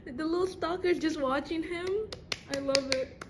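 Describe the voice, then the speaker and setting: A young woman casually reacting to a TV drama episode, excitable and slangy, laughing often. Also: high voice, moderate pace, very noisy. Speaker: reaction video host.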